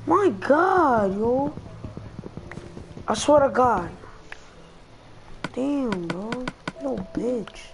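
Brash, high-voiced young man trash-talking. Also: lively intonation, very slow, creaky, pauses often. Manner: brash, profane trash talk. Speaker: gamer chatting in party chat. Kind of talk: casual gameplay chat.

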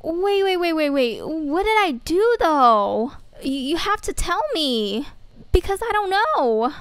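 Lady playing a confused high-voiced teen girl, stammery, talks slow. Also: sing-song, dry recording, full character voice. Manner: flustered, stammering protests. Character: bewildered teenage schoolgirl, best friend.

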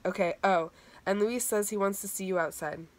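A woman's voice: mid-range voice, moderate pace, lightly acted. A woman reading the lines of a friendly, easygoing teenage boy in a casual manner, close to her own voice.

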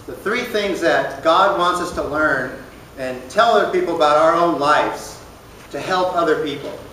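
Teaching a church recovery group in a loose, plain-spoken sermon style, a man keeps checking in by asking the room questions. His voice is fairly high, bright and forceful, but it comes across distant and heavily reverberant, with faint room noise beneath.

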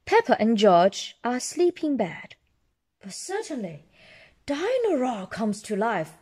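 Slow, sing-song woman reading a storybook. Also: fairly high pitch, slightly rough. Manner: slow, expressive, pauses to explain to a child. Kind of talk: reading a picture book aloud to a child.

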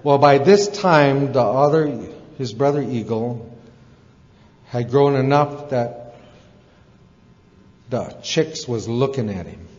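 A man's voice: medium pitch, slow pace, pauses often, a little mellow, a little hiss or hum. A man tells a folksy story at a recovery meeting in a casual, rambling way, full of asides. His voice sits in the middle range and echoes around a large hall. The recording sounds dull and lo-fi.

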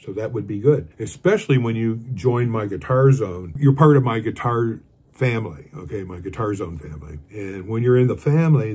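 A man's voice: fairly low pitch, a little mellow, slightly rough. An older man giving a casual guitar lesson, rambling and counting beats aloud as he plays. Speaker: guitar teacher.

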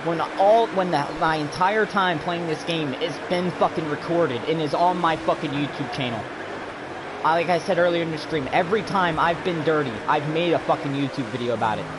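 Over a very noisy background, a man rants and curses endlessly at a fellow player during his racing game stream, clearly furious. His voice is fairly high and a little fast.

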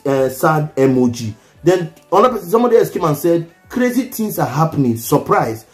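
A man's voice: high-pitched, big pitch swings, fast talker, a little mellow, faint music behind. A Nigerian man reading out viewer comments and musing on them in a casual vlog, hesitant, often repeating and restarting words.

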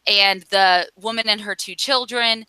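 A woman co-hosting a laid-back comic book podcast, talking through the story in a loose, rambling way with plenty of ums. Her voice is bright and crisp, and the sound is dry and close. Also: medium pitch, steady tone, unhurried, dry recording, poor audio. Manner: chatty, rambling recap with fillers. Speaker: podcast co-host. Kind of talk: casual comic book discussion.

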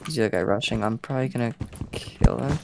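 Excitable young woman gamer, low voice. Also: fast talker, gravelly, heavy background noise. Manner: excitable, pleading, shouting callouts. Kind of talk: casual gaming chat.

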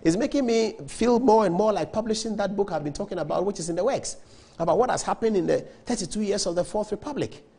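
A man's voice: high-pitched, quick pace, gravelly, dark tone, husky. A man hosting a TV show, delivering an opinionated monologue full of rhetorical questions and repeated emphasis. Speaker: TV show host.

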